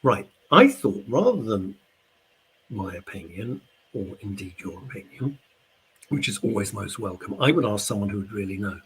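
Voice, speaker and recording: A radio host delivers a heated monologue, addressing his listeners directly. His voice is husky and raspy. His pitch leaps up and down with lively, expressive swings. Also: normal speed, rough recording. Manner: indignant, ranting. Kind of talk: radio talk show monologue.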